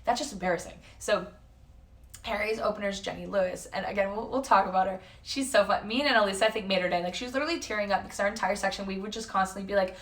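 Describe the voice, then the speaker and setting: A woman's voice: medium pitch, rapid-fire, a bit bright. Young woman, live-stream chat, rambling, swears a lot, hotel room, echoey, distant from mic. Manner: rambling, swears freely, jumps between tangents. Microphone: facecam at a distance.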